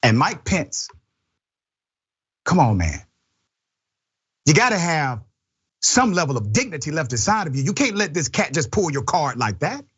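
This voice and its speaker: A man's voice: on the high side, unhurried, long pauses, breathy edge, highs cut off. A man hosting a political talk show, delivering emphatic commentary. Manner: emphatic, lively. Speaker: host.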